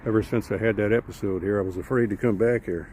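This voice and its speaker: A man's voice: lowish voice, fairly even intonation, fast talker, a little mellow. Folksy man rambling outdoors. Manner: rambling, folksy, with frequent fillers. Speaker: widower vlogger. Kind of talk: casual storytelling to camera. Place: outdoors at a boat launch by a creek. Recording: outdoor noise with traffic behind.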